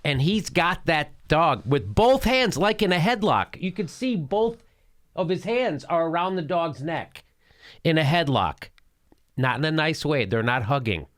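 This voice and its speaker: A man's voice: on the high side, unhurried, no room sound, clean studio sound. A middle-aged man hosting a show, chatting jokily and laughing as he comments on a video. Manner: jokey, animated, laughs often. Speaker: host. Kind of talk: casual comedic commentary.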